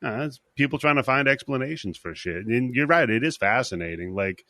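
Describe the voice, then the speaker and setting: A man's voice: mid-range voice, expressive, brisk, pushed and bright, no echo, clean studio sound. A man co-hosting a podcast, casually recapping a movie, rambling and swearing as he acts out the characters' lines. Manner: rambling, swearing, acting out quotes. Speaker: podcast co-host.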